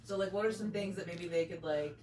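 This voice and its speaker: A woman's voice: on the low side, a little fast, a little mellow. A woman hosting a casual chat, asking rambling questions full of "like" fillers. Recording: roomy, distant mic with faint noise.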